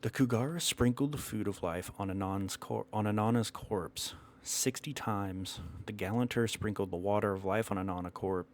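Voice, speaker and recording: A man telling an old myth in a measured, dramatic way, stopping now and then to correct himself. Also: lowish voice. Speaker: storyteller. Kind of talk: storytelling narration of a myth.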